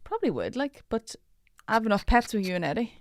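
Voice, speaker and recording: A woman chatting casually as a podcast guest, relaxed and laughing, often trailing off quietly. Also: on the high side, fast, dry recording, studio quality. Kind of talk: casual chat.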